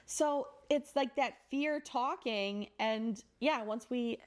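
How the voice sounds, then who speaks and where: A woman hosting a podcast, chatty and self-deprecating as she interviews a guest, and quick to laugh. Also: fairly high pitch. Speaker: podcast host.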